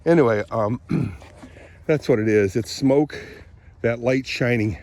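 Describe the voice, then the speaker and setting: An older man vlogging outdoors by the woods on a phone camera, rambling as he thinks aloud, often clearing his throat and a bit out of breath. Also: mid-range voice, unhurried, darkish tone. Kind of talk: casual morning vlog, thinking aloud outdoors.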